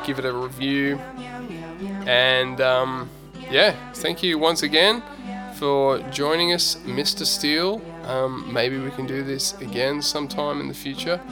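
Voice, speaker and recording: A man hosting a podcast, chatting casually and playfully, with many pauses. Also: mid-range voice, fairly even intonation. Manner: chatty, playful, halting with fillers. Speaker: podcast host. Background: music.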